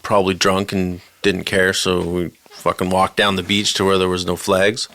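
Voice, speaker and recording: A man's voice: deep voice, little pitch movement, normal speed, pushed and bright. A man co-hosting a podcast, laid-back and blunt, swearing often. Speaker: podcast co-host. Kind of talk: casual chat.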